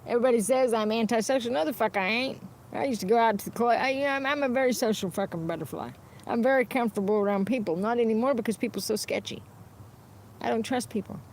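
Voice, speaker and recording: A woman's voice: a little high, darkish tone, a little hiss or hum. A woman streaming a rambling, unscripted monologue, blunt and profane, often restarting her sentences. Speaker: livestreamer.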